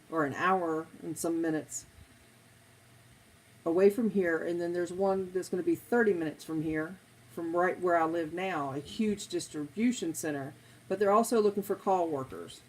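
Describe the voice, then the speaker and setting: A woman's voice: fairly low pitch, moderate pace, low-quality recording. A middle-aged woman, chatting casually with viewers on a stream, rambling from one topic to the next. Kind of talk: casual live chat.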